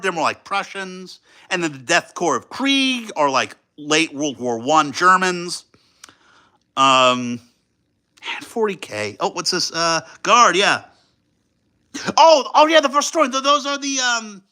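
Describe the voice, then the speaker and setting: A young man rambling through a casual livestream chat with a sharp, bright voice. His pitch is high and swings all over, and he fills the gaps with ums and sudden excited exclamations. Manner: rambling, excitable, many fillers. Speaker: livestream host.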